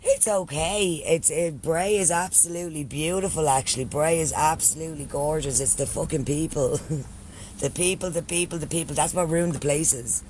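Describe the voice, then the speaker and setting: A man's voice: a little high, normal speed, darkish tone, a little hiss or hum. An Irish man chatting casually on a live stream, swearing freely and thanking followers by name. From Ireland.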